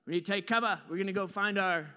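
A man voicing a bossy older male sailor uncle who barks and yells. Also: high voice, quick pace, clear, resonant tone, long reverb tail. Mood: urgent. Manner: barking, yelling.

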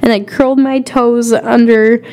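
A woman's voice: on the high side, flat delivery, unhurried, a little mellow, smooth. A young adult woman telling a personal faith story in a casual, chatty way, earnest and emotional, with many fillers. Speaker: podcast host.

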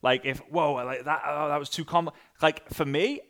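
A man coaching an online audience on sales messaging, energetic and animated, acting out sample messages. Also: normal speed. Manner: energetic, with big jumps in pitch and loudness; acts out sample messages in different voices. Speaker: sales and network marketing coach.

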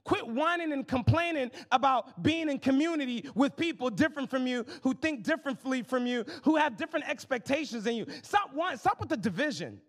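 A young man preaching a sermon as pastor, casual and humorous, calling the crowd y'all and swinging between soft asides and loud exclamations. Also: very high voice, lively intonation, fairly quick, few pauses. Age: young adult.

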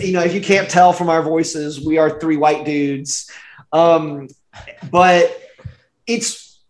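A man chatting loosely on a podcast, his voice a touch higher than most men's. He piles up fillers and restarts and breaks into laughter often. The recording has a roomy echo. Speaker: podcast co-host. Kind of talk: casual chat reviewing a movie.

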